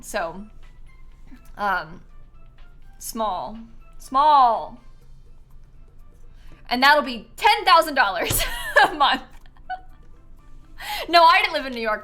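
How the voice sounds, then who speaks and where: A woman's voice: fairly high pitch, sharp tone. A woman chatting casually on a live stream as she builds in a life-sim game, giggling often and answering her chat.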